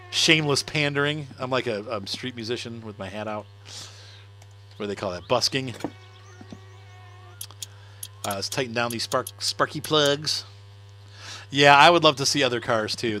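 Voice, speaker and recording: Sitting on the low side, this middle-aged streamer's voice is bright and forceful, with a little hiss or hum in the audio. He chats casually during gameplay, laughing often and answering viewers.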